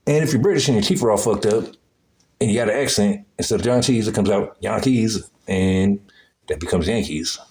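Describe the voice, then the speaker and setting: A man's voice: on the low side, a little fast, darkish tone, breathy edge. A man giving profane, agitated commentary on old photos, exclaiming as he goes. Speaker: video host.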